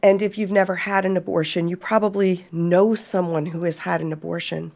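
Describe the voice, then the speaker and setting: A woman's voice: fairly low pitch, steady tone, a little fast, vocal fry, darkish tone. A woman hosting a podcast, speaking earnestly and heartfeltly to listeners she calls folks and reading scripture aloud. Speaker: podcast host.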